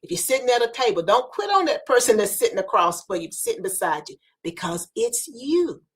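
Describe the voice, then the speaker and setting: A woman's voice: a little high, sing-song, brisk, husky. Earnest woman urging, repeating phrases. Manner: earnest, preacherly repetition. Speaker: podcast host. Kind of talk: motivational talk.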